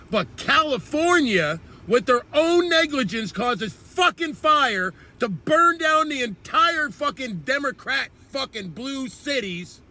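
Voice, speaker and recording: The host of his own commentary channel launches into an angry political rant, furious, profane, heated and relentless. His voice is strikingly high, very bright and cutting, very animated, and though his pace is slow he hardly pauses.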